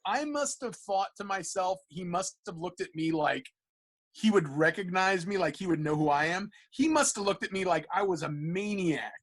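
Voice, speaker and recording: Casting note: man guest on a podcast, chatty animated storyteller, restarts a lot, voice pitched a bit high. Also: rough recording. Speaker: comic book artist guest.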